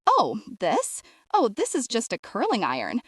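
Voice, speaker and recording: A woman voicing a tough, menacing middle-aged hairdresser who talks slow and low. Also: wildly swooping pitch, breathy edge, dry recording, clean studio sound, heavily acted. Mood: innocent.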